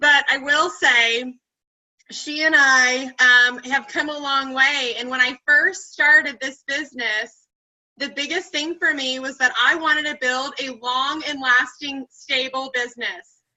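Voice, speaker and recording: Bright high-voiced woman on a video call. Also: fairly even intonation, a little slow. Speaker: team member sharing her success. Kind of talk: motivational call talk. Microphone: computer mic on video call. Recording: muffled video call audio.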